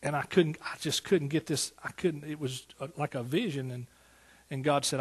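A man's voice: fairly high pitch, normal speed, husky. A man, a pastor preaching a sermon in a folksy, storytelling way that rises to emphatic praise. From East Texas.

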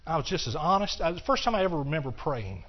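An older man preaches his own testimony in an earnest, repetitive way. His voice sits a little high, and he moves between hushed, slow stretches and passionate bursts. The recording is dull and lo-fi. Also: very animated. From Texas. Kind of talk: testimony sermon.

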